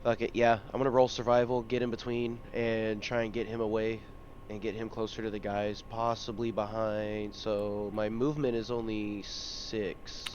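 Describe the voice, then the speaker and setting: A man talks through his moves in a tabletop game, pausing with fillers as he works things out. The voice chat sounds a little dull and carries a faint hiss. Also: fairly low pitch, little pitch movement, darkish tone. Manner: hesitant, thinks aloud with fillers. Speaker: player.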